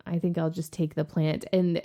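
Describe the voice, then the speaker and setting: A woman from the American South co-hosting a casual podcast, telling stories and acting out the people in them. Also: normal speed. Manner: animated storytelling, acts out coworkers in high excited voices. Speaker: co-host.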